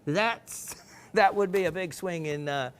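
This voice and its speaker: A man's voice: high voice, unhurried, clean tone. A middle-aged man with a Southern US accent hosting a gemstone show, chatting casually and reading viewer messages in a folksy, rambling way. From American South. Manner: folksy, rambling, playful, with frequent fillers and laughs.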